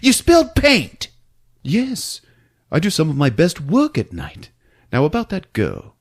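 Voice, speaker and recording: A man's voice: a little high, wildly swooping pitch, unhurried, voice pushed up, full character voice. A man voicing a fussy, eccentric old male toymaker who speaks in a prim, airy way.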